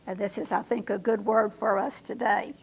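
A woman leading a Bible study class, reading verses slowly and asking her group questions. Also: medium pitch, steady tone, vocal fry, husky.

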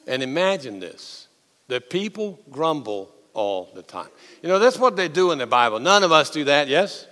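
A bright, ringing male voice, preaching a sermon in a big church hall. He acts out the story, climbing loud and high, then dropping to a near hush. A long reverb trails each phrase. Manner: animated storytelling, swings from loud to hushed. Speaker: pastor.

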